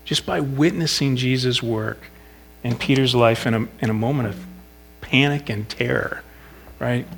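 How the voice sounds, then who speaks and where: A man's voice: mid-range voice, a little slow, vocal fry, a little hiss or hum. A middle-aged man giving an informal Bible devotional in a conversational, reflective way, thinking aloud as he talks.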